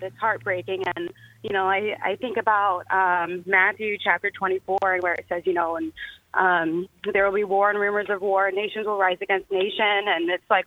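A woman calling in to a radio show, emotional and halting as she talks about her worries. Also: mid-range voice, flat delivery. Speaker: caller. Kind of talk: phone-in question. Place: phone call. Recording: tinny phone line.

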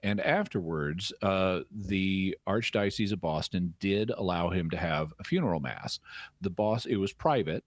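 A man answering listener questions on a call-in radio show, explaining things in a measured way with occasional restarts. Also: sits low.

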